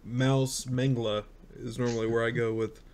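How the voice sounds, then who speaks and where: Laughing podcast co-host, mellow voice. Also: male voice, mid-range voice, level tone, normal speed. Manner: laughs a lot, joking. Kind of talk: casual comedy podcast chat.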